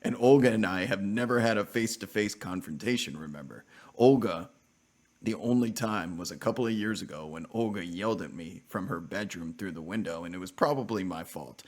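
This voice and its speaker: A low-voiced man chatting casually on a live stream. He tells a story in loose, rambling bursts, cutting himself off and restarting. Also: a little fast. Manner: rambling, animated anecdote with self-interruptions.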